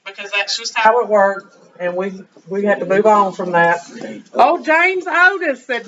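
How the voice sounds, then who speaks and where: A woman history teacher giving an animated classroom lecture, firing rhetorical questions at her students, in a dull lo-fi classroom recording. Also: mid-range voice, unhurried.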